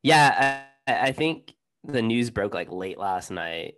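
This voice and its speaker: A man's voice: fairly low pitch, lively intonation, slow. A laid-back young man co-hosting a casual chat, often saying "dude". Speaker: podcast co-host.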